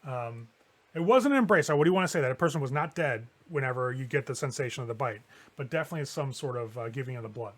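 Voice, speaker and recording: A man narrating as game master of a tabletop role-playing game, relaxed and loose with fillers. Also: mid-range voice, fast talker. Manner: relaxed storyteller with many fillers.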